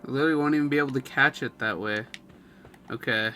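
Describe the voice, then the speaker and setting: A young man who is a gaming video creator, giving excitable gameplay commentary and voice-over narration with loud outbursts and swearing. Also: mid-range voice, fast, soft background music.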